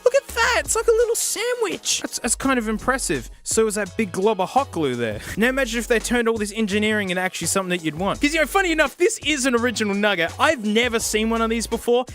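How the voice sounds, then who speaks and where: A man reviewing a gadget in a casual vlog, excitable and sarcastic. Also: sits high, fast, hardly any pauses, faint music behind. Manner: excitable and sarcastic, laughs often.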